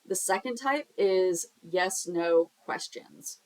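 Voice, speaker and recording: A woman's voice: fairly low pitch, lively intonation, takes it slowly, low-quality recording. A young woman teaching a sign language lesson in a casual, chatty way, explaining with examples and the occasional filler.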